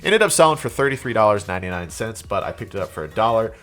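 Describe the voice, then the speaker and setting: A man's voice: on the low side, big pitch swings, fast talker, fairly bright tone, soft background music. Congested man chatting casually about resales. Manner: rambling, loose with fillers and restarts. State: congested from a cold. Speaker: reseller vlogger. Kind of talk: casual show-and-tell vlog.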